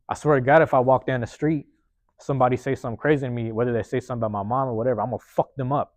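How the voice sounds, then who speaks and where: A man hosting a podcast, telling a personal story in a rapid, profane, casual way and acting out the lines of the people in it. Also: mid-range voice, no echo. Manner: profane, rapid, animated retelling with acted-out quotes. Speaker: podcast host.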